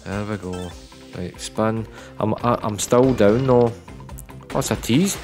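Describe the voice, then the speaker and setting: Excitable man narrating slot spins. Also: fairly low pitch, slow pace, faint music behind. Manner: chatty, stammering repeats, bursts of loud excitement. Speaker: online slots streamer. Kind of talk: live gameplay commentary.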